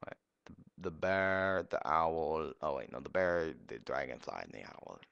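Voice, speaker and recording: A young man giving goofy, excitable commentary while streaming a game live. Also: a bass voice, a little slow, vocal fry, clear, resonant tone, no room sound, highs cut off.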